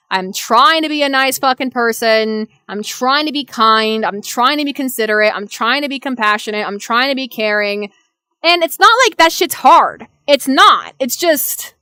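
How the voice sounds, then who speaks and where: A woman's voice: high-pitched, pushed and bright, smooth, no room sound, studio quality. A young adult woman streamer venting in an exasperated, profane rant. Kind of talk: venting live-stream chat.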